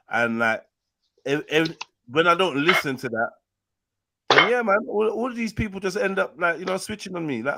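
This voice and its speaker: A man's voice: fairly high pitch, animated, a little fast, vocal fry, very noisy. A man hosting a live panel, arguing heatedly, talking over the other caller and repeating himself. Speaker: live show host.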